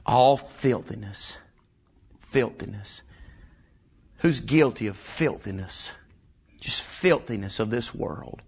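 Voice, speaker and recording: A man preaching a sermon, building from calm scripture reading to shouted climaxes. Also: lowish voice, slow, gravelly, long pauses, slightly rough. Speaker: pastor.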